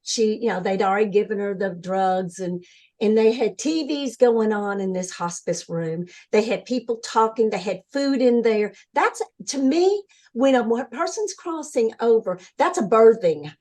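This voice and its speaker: An older woman as an interview guest, telling her story in an earnest, animated way and acting out what others said. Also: fairly high pitch, moderate pace. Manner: earnest, animated storytelling, acts out quoted voices. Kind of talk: conversational interview.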